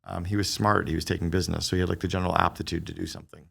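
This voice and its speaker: Middle-aged male podcast guest, deep creaky voice, rapid animated storyteller. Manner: fast, animated storyteller who acts out quoted dialogue. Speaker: guest, business strategist.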